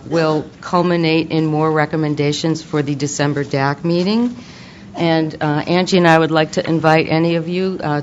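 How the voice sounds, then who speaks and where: A woman's voice: sits low, dull audio, a little hiss or hum. A woman with a Boston accent, co-chairing a subcommittee and presenting its report at a committee meeting, with many fillers. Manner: reads formal recommendations aloud, with many fillers. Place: meeting room.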